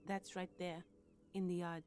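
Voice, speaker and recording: A woman's voice: lowish voice, flat delivery, moderate pace, a little mellow, natural voice. An actress playing a polite, helpful young woman in a video game, heard faintly in the background of a stream. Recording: faint game audio from afar.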